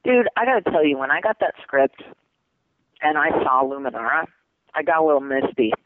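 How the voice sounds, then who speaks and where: A man, a voice actor being interviewed, chatting casually, excitable and laughing often, calling people "dude". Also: on the high side, fairly quick. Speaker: voice actor guest. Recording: tinny phone line.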